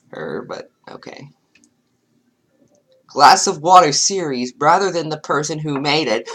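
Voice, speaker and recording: A woman's voice: deep voice, lively intonation, a little slow, long pauses, a bit bright. A woman giving sarcastic, exasperated commentary while reading online comments aloud. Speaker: commentary youtuber.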